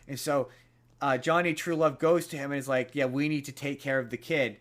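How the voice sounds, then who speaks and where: A man's voice: mid-range voice, fairly even intonation, brisk, fairly bright tone. A young man co-hosting a podcast, casually retelling a movie plot with lots of fillers and restarts. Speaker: podcast co-host. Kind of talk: casual chat.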